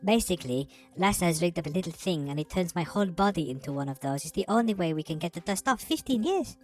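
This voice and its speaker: Woman voicing a small ship cleaner, fussy, rambling, lowish voice, tabletop role-play. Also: fast, a little mellow, soft background music, lightly acted. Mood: chatty. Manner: rambling, chatty, formal phrasing.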